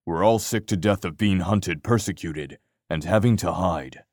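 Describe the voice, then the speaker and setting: A man voicing a gruff male bear-shifter clan leader who speaks low and bluntly in an audiobook. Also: moderate pace, darkish tone, dry recording, studio quality. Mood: grim.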